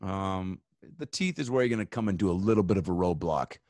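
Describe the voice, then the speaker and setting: A man's voice: low voice, animated, brisk, a little mellow, no room sound. A male comedian guest on a podcast, riffing in rambling, swear-laden bits full of fillers. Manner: rambling comic riffs, frequent swearing and fillers. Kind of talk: casual podcast chat.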